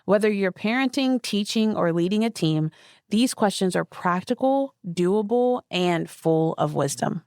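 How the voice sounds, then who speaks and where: A woman's voice: mid-range voice, lively intonation, a little slow, darkish tone, no room sound, studio quality. A woman co-hosting a podcast, speaking in an affirming way and introducing the next segment. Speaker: podcast co-host.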